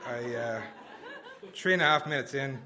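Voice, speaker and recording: A man's voice: mid-range voice, normal speed, noisy background. A man performing a comic personal story at a live story slam, rambling and self-mocking, laughing through his lines. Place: small live venue indoors.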